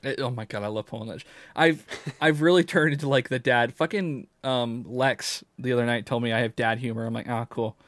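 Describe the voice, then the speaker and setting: Casting: man in his late twenties, mid-pitched, loose crude jokester, dead-dry mic. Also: brisk, dry recording. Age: 20s. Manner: joking, crude, laughs often. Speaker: podcast co-host. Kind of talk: casual chat.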